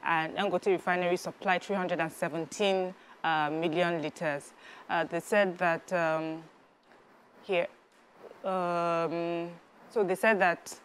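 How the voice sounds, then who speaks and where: A woman's voice: on the low side, slight background noise. A woman co-hosting a morning TV show, explaining a news story at length with many fillers. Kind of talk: breakfast TV news chat.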